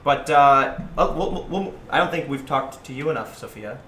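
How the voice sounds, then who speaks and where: A man's voice: medium pitch, moderate pace. Rambling man in an echoey room. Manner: rambling, animated storytelling, acting out quoted voices. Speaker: livestream host. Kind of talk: casual live-stream chat. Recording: echoey room, faint noise.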